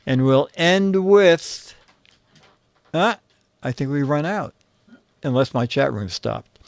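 A fairly high-voiced male host reads out a list of gag answers in casual banter. He chuckles at his own punchlines, and his voice sits dry and close on the mic. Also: animated, slow pace, gravelly, pauses often, no room sound. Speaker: show host. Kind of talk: reading joke answers aloud to a co-host.

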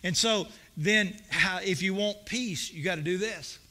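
High, bright-voiced folksy preacher man. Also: a little slow. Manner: folksy, storytelling preacher with rising emphatic bursts. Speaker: pastor. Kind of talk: sermon. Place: church sanctuary.

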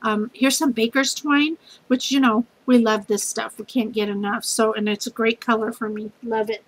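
A woman's voice: on the high side, a little hiss or hum, poor audio. A middle-aged woman, gushing as she unboxes a craft gift package for her channel. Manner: gushing, effusive, says y'all.

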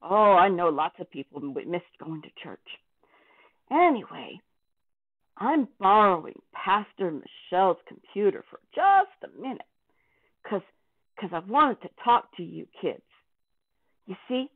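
A woman's voice: high voice, full character voice. A woman voicing a friendly, chatty young boy puppet who cheerfully coaxes the children. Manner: cheerful, coaxing, talks straight to children. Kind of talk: children's church puppet talk. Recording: tinny, phone-like sound.

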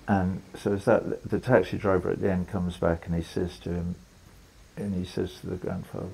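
A man's voice: sits low, level tone, normal speed, gravelly, pauses often, mellow, slight background noise, poor audio. An older man, telling a long story as an interview guest, rambling with restarts and quoted lines. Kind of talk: relaxed storytelling conversation.

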